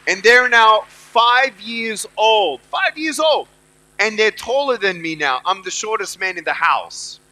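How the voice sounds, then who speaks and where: A man in his thirties delivers an inspirational speech, his voice very high for a man and sharply bright. He repeats key lines and urges the audience on. He moves between loud, punchy bursts and quiet storytelling. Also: animated, measured pace. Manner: emphatic, repeats lines and rallies the crowd. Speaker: motivational speaker.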